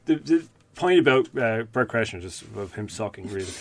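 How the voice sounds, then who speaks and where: A man, co-hosting a podcast in casual, rambling, profane chat that gets animated when he tells stories. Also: lowish voice, normal speed. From Ireland. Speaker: podcast co-host.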